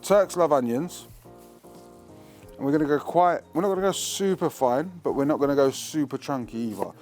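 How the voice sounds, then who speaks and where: A man's voice: fairly high pitch, moderate pace, darkish tone, faint music behind. A man hosting a cooking show, talking in a slangy, chatty, joking way while he cooks in a kitchen. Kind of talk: casual cooking demonstration.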